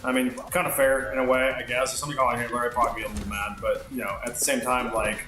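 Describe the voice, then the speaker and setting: A man's voice: medium pitch, little pitch movement, racing, pushed and bright, roomy sound, faint music behind. Rambling, foul-mouthed man telling stories. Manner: rambling, heavily profane, filler-laden. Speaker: streamer. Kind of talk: casual storytelling while gaming.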